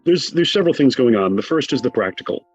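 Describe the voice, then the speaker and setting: A middle-aged man from the United States, a guest speaking in an animated way, with quick asides, in a conversational interview. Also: mid-range voice, breathy edge, muffled recording, soft background music. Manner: animated, rapid asides, mock quotes. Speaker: guest, film scholar.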